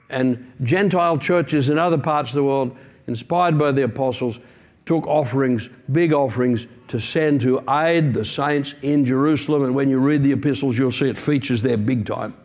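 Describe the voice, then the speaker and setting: A man's voice: mid-range voice, a little mellow. A man preaching a sermon as pastor, earnest and emphatic, with conversational asides.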